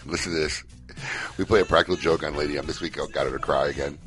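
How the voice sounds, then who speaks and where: A man co-hosting a live radio talk show in a studio, telling stories in an animated way. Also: a bass voice, very fast, soft background music. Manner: animated storyteller, acts out shouting bits. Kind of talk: casual radio chat.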